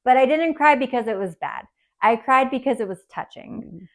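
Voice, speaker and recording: Woman cohosting a book podcast, kinda high voice, gets emotional, laughs a lot. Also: expressive, moderate pace, fairly bright tone. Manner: emotional, laughs often, acts out quotes. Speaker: podcast co-host. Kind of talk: casual book chat.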